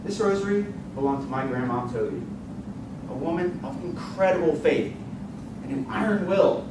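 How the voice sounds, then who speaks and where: Male contest speaker, dramatic storytelling, expressive, distant mic, noisy room. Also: on the high side, normal speed, reverberant. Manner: vivid, expressive storytelling with rising excitement. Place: contest hall stage.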